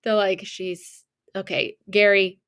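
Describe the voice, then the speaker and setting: In a slow, clear, resonant medium-pitched voice, a young woman co-hosting a podcast recounts a story over casual conversation. She brings the characters to life with quoted voices and laughter.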